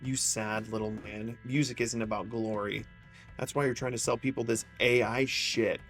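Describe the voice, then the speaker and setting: A man's voice: mid-range voice, steady tone, moderate pace, fairly bright tone, soft background music, lightly acted. A man reading the lines of a bitter, sarcastic record store owner and former musician in a game. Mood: scornful. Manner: sarcastic, contemptuous.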